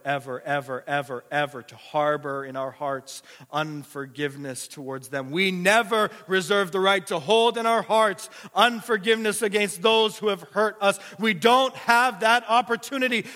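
A male pastor preaching a sermon, emphatic and repetitive, swinging from quiet to passionate. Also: high voice, steady tone, moderate pace, few pauses. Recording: echoey hall reverb.

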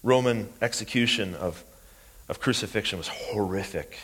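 A man preaching a sermon, impassioned and repeating phrases for emphasis, rising from quiet to loud. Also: on the low side, moderate pace, breathy edge. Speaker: pastor.

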